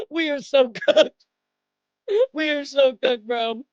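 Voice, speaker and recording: A young woman streaming live, excitedly thanking viewers, laughing often and swearing. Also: high-pitched, slow, no echo, lo-fi sound.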